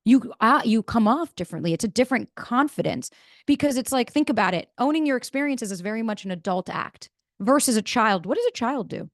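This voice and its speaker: A woman, giving a blunt, animated motivational talk as a podcast host and swearing freely. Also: a little high, fairly quick, no room sound, clean studio sound.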